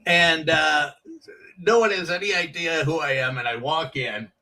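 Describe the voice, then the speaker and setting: A man's voice: fairly high pitch, measured pace, bright, forceful tone, recorded from a distance. A middle-aged man, a guest comedian, telling rambling anecdotes on a chat show and acting out the quotes.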